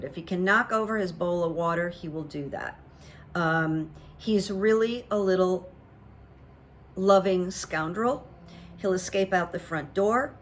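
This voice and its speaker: Woman host, casual self-deprecating storyteller, slightly low voice, light background hiss. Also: fairly bright tone. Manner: chatty, self-deprecating, with many fillers and acted-out quotes.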